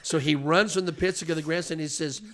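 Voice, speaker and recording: A middle-aged man with a slightly high voice spins track stories in a loose, rambling way. He stumbles over repeated words and chuckles as he goes, like a race announcer chatting with a friend. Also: fairly even intonation, fast, fairly bright tone. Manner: rambling, repeats words, laughs while telling. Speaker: race announcer, podcast guest. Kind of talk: casual storytelling chat.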